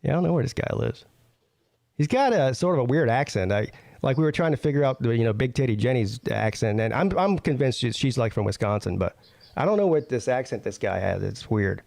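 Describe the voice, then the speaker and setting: A man's voice: mid-range voice, animated, a little fast, creaky, a little mellow, dry recording. Guy hosting a chill show, riffing on a clip, dry close sound, lotta uhs. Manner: loose and mocking, lots of filler. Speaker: show host. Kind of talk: casual commentary over a played video.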